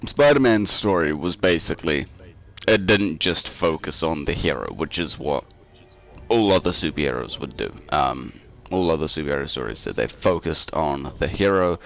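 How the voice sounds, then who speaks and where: A man's voice: extremely low pitch, lively intonation, normal speed, creaky, a bit bright. A man co-hosting a casual online show, talking through a story in a rambling way, full of fillers and restarts, over an online call. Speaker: co-host. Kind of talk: casual podcast chat over a game stream. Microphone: home mic over an online call.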